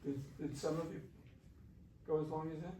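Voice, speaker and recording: A man leading a shakuhachi workshop, coaching students on their breathing in a relaxed, encouraging way. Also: on the high side, moderate pace. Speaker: shakuhachi teacher. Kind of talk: workshop instruction. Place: classroom. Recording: roomy, distant mic, faint room noise.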